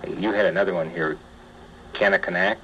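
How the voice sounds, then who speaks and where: A man interviewing as a radio broadcaster, asking relaxed, conversational questions. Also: low-pitched, a little fast. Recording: muffled archival tape with faint hiss.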